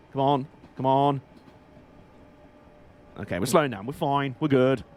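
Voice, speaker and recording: Male streamer, slightly high pitch, rambling and chatty, laughs a lot. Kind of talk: casual live-stream commentary.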